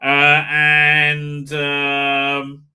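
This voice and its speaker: Brash, bright-voiced man ranting profanely. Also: a little high, completely flat delivery, very slow, clean tone. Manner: profane, digressive, exasperated rants with sudden shouts. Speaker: TV episode reviewer. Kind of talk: rambling off-the-cuff review monologue.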